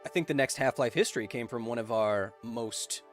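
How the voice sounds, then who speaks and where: A man at an ordinary middle pitch hosts a science livestream, cheerful and joking as he reads out viewer messages. His energy jumps in quick bursts of enthusiasm, with faint music playing softly behind him. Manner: upbeat, jokey, bursts of excitement. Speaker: science YouTuber host. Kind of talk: livestream chat, reading viewer donations.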